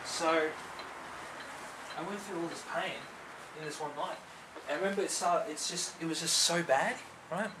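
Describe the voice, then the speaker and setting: A vlogger from a Filipino family background shares a personal testimony to camera, earnest and conversational, packed with fillers and ending points with "right?" His voice is a little high, at normal speed, with background noise present.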